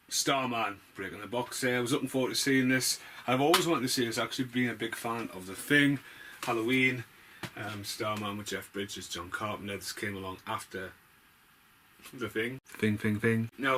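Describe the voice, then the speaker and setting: A man's voice: on the low side, pushed and bright, a little hiss or hum. Blunt, sweary man ranting about films. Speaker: film reviewer. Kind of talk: casual ranting film review.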